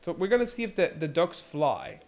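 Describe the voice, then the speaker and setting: Male streamer, raised-pitch voice, rambling sarcastic commentary, faint music behind. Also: big pitch swings, a little fast, darkish tone. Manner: rambling, crude and sarcastic, many restarts. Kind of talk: casual gameplay commentary.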